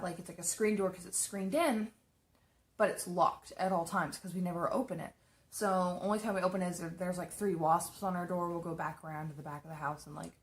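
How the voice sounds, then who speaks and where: A young woman casually telling spooky personal stories from her apartment, chatty and swearing freely. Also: mid-range voice. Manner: chatty, swears often, animated retelling. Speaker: beauty vlogger. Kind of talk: casual storytelling.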